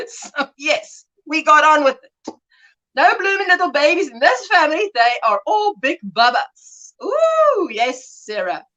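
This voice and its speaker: This middle-aged livestream host is very animated yet unhurried as she chats casually with viewers, rambling, laughing frequently, and playing out small scenes. Her voice is high and bright, swooping up and down, though the audio is dull.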